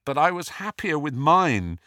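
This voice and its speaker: A man's voice: on the high side, big pitch swings, a little slow, sharp tone, dry recording, studio quality, voice pushed up, exaggerated voice. A man voicing a tired, earnest teenage boy hero who chooses his words carefully in an audiobook. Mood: weary. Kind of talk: audiobook character voice.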